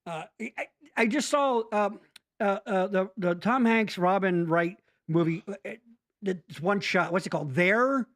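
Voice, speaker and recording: A man's voice: high voice, a little slow. A man hosting a casual podcast chat, rambling and swearing freely as he jumps from thought to thought. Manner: animated, profane, rambling. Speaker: podcast host.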